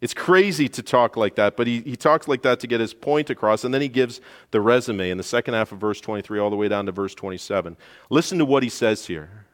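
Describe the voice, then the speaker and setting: Emphatic preacher in a reverberant hall. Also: male voice, fast. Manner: emphatic, rises in pitch and volume to stress points. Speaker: pastor. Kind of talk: expository sermon.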